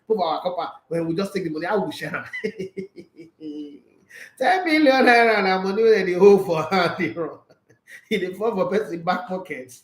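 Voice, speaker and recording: A Nigerian man with a high-pitched voice reads football transfer news aloud in a roomy-sounding space. He chats casually, reacting with strong opinions, laughing often and slipping jokes into pidgin.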